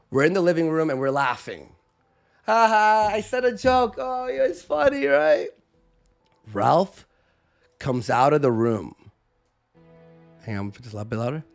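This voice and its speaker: A man casually telling a story on a live stream, animated, acting out what people said with shifting voice and volume. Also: mid-range voice.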